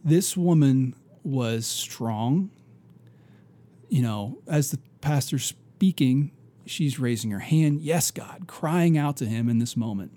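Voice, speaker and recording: A man co-hosting a casual faith podcast, telling a story earnestly with many restarts and soft, trailing asides. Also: medium pitch, animated, slow. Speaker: podcast co-host.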